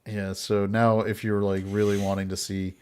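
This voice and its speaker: A man's voice: lowish voice, flat delivery, moderate pace, a little mellow, clear, resonant tone. Laughing man telling history. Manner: laughs often, jokey asides between narration. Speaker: podcast host narrating history. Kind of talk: casual comedic podcast chat.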